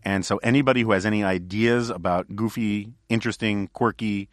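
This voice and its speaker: A man's voice: lowish voice, fairly even intonation, brisk, no echo, clean studio sound. A man hosting a podcast, telling rambling stories in casual chat with many fillers and restarts. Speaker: podcast host.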